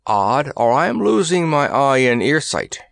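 A man voicing a grumpy, proud male elephant in a storybook reading, with a gruff, grumbling manner. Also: medium pitch, sing-song, measured pace, fairly bright tone, no room sound, studio quality, pitched above the performer's own voice, full character voice.

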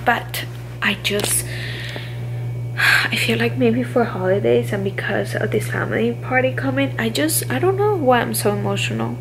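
Tearful, halting young woman vlogger. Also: fairly high pitch, animated, noisy background. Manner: tearful, halting, many fillers. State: on the verge of tears. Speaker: vlogger, stay-at-home mom. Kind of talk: emotional confessional vlog.

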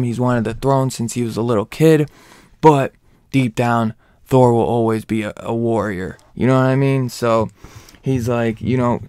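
A man's voice: mid-range voice, a little mellow, clear, resonant tone, dry recording. A man giving a casual comic book spoiler review, slangy and profane, hyped up and rambling with lots of restarts.

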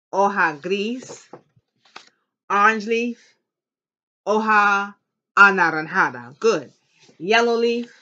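A woman teaching an elementary Spanish class, slowly modeling words for students to repeat and cheering them on. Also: on the low side, sharp tone. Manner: upbeat and encouraging. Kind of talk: classroom language lesson. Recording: dull lo-fi classroom recording.

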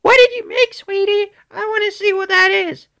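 A man doing a shrill falsetto mother. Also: steady tone, moderate pace, vocal fry, pushed and bright, exaggerated voice. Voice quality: high falsetto. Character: shrill shocked mother, quick to anger.

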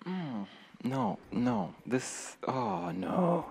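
A man's voice: on the high side, very animated, extremely slow, vocal fry, darkish tone, a little hiss or hum. A young man commentating his own gameplay, nervous and jumpy, talking to himself with frequent gasps and laughs. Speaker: gamer streamer. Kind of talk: let's play commentary.

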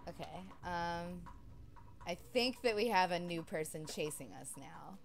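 Sweary, animated woman gaming streamer. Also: lowish voice, a little slow, a little hiss or hum. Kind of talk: let's play commentary.

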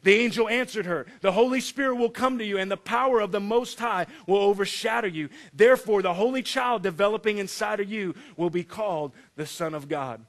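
A man preaching a sermon, animated and joking, acting out the story in voices. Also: high voice, fairly quick, few pauses. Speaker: pastor.

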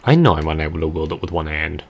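A man giving casual, foul-mouthed commentary while playing a video game, with loud outbursts at it. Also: very deep voice, animated, quick pace, creaky, husky.

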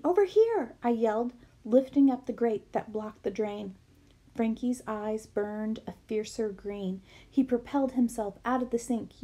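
Woman reading a children's book, bright voice. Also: fairly high pitch. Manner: lively storytelling. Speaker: book reader. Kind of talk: reading a children's novel aloud.

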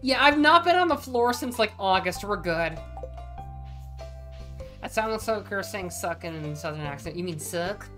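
A woman's voice: medium pitch, animated, normal speed, long pauses, pushed and bright. Woman, streamer, casual gaming chat, playful, swears a lot, talks to game characters, faint background music. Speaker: vtuber streamer. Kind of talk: casual chat while playing a farming game.

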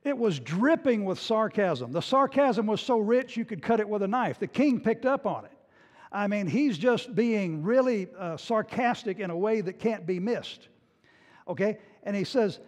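A male pastor preaches a sermon with a high voice. He retells a scripture story with a storyteller's flair and sometimes acts out its scenes. His words ring out with a long reverb, as in a church sanctuary. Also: animated, moderate pace.

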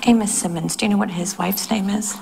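A woman's voice: medium pitch, fairly even intonation, fairly quick, gravelly, a little mellow, slight background noise. A woman minister delivering prophetic words, speaking in a declarative way and voicing God in the first person. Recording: long hall reverb.

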